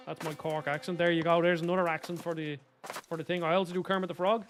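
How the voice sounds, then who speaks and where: Chatty North Dublin man, slightly high voice. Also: flat delivery, quick pace, a bit bright, soft background music. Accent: North Dublin Irish. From Ireland. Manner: rambling and jokey, heavy on "like", slips into mock accents. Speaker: gaming streamer. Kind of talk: casual live-stream chat while gaming.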